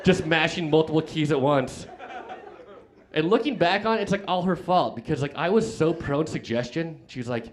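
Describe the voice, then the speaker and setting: A man's voice: fairly high pitch, lively intonation, normal speed. A young man doing a stand-up comedy set on stage, telling rambling self-deprecating stories full of restarts and filler words. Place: comedy club stage with live audience.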